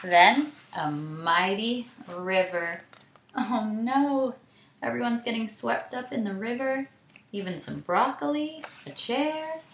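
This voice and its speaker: A woman teacher reads a picture book aloud to children, animated and stopping to ask what they think. She goes slowly with a lively, wide-ranging pitch and a gravelly texture. Her voice sounds roomy and echoey. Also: a little hiss or hum. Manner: animated, asks the listener questions. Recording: roomy echo.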